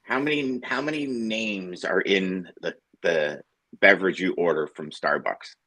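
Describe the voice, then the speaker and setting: A man co-hosting a casual morning show over a video call, animated and laughing as he rambles through stories. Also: sits low, measured pace, no echo. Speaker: co-host.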